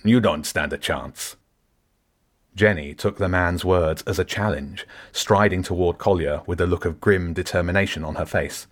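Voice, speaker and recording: A man narrating an audiobook in a steady storytelling manner, shifting into character voices. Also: sits low, moderate pace, hardly any pauses. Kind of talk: scripted narration.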